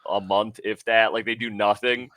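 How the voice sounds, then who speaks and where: Male guest, casual talker, bright voice, animated, dry close sound. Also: lowish voice, normal speed, no echo. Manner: animated, joking, swears freely. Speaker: podcast guest. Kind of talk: casual podcast chat.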